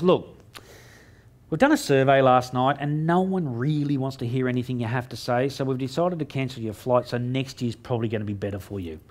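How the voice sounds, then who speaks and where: A middle-aged man giving a humorous keynote on stage before a live audience, joking and mocking himself with quick asides. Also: medium pitch, darkish tone. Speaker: motivational speaker.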